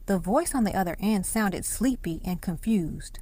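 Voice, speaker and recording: A woman's voice: mid-range voice, expressive, normal speed, hardly any pauses, dark tone, no room sound. Woman narrating a drama audiobook. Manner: acts out each character's lines in the story.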